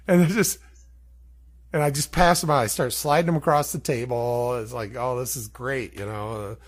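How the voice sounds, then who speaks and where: A man co-hosting a podcast tells an anecdote in a casual, animated way, laughing as he goes. His mid-range voice is a little slow, with long pauses.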